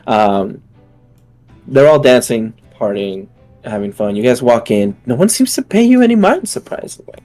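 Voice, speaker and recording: A young man running a tabletop game, describing the scene in a casual, halting way with lots of restarts. His voice sits mid-pitch, with faint music in the background. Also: big pitch swings, darkish tone. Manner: hesitant, many fillers and restarts. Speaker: game master.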